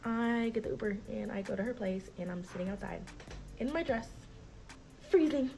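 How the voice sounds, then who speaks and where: Gravelly-voiced young woman telling a story. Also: mid-range voice, brisk, music in the background, poor audio. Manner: animated, acts out quoted voices, filler-heavy "like". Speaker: storyteller recounting a personal dispute. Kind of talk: casual storytime vlog.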